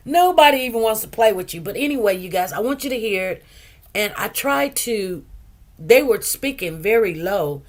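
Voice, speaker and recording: A woman's voice: fairly high pitch, moderate pace. Sassy, emphatic woman commentator. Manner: emphatic, animated retelling with sassy asides. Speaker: true crime news commentator. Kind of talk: casual commentary.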